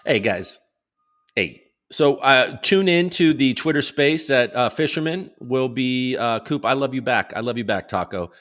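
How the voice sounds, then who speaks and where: Hosting his own livestream, a man speaks a bit slowly in an expressive, medium-pitched, fairly bright voice. His loose, rambling chat covers markets and viewer comments, with casual swearing mixed in.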